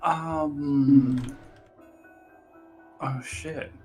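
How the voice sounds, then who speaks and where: A man's voice: a little high, steady tone, very slow, over music. A man chatting casually on a stream, mostly giving short, laid-back reactions. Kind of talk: casual chat.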